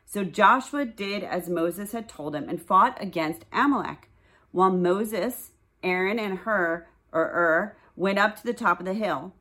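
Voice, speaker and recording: A woman in her forties leads a relaxed Bible study. She talks in a chatty, conversational way and reads passages aloud. Her voice sits a little low. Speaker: Bible teacher. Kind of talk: casual Bible study talk.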